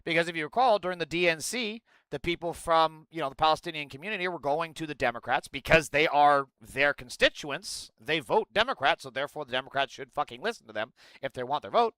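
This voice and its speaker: A male streamer with a bright, clean, crisp voice reacts on a live stream and answers his chat. He is animated and sweary. His close desk mic sounds dry, with no room in it. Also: fairly high pitch, fast, hardly any pauses, no room sound, poor audio. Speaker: streamer reacting to an interview clip. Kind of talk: casual live-stream commentary.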